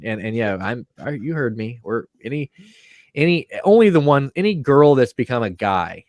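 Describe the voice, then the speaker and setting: A man with a medium-pitched voice, talking at normal speed, co-hosts a podcast. His storytelling is loose, profane and animated, broken up often by laughter in casual banter.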